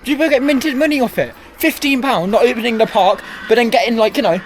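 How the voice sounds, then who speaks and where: A man's voice: very high voice, fast, a little hiss or hum. A young man, vlogging outdoors at a theme park, ranting and rambling with frequent self-corrections. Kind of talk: walking vlog commentary. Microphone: handheld camera.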